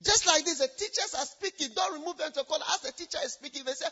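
A woman preacher delivering an emphatic sermon, repeating herself, swinging between loud shouted lines and hushed asides. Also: sits high, fast talker, lo-fi sound.

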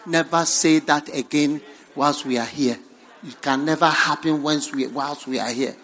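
A man playing a devoted male disciple who insists loudly and emphatically, repeating his protest. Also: fairly high pitch, moderate pace, lightly acted. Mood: insistent.

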